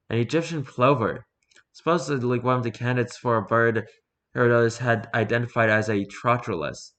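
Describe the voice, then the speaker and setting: A man's voice: medium pitch, pushed and bright. A man reading his own fiction aloud in a casual way, with restarts and asides. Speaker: storyteller.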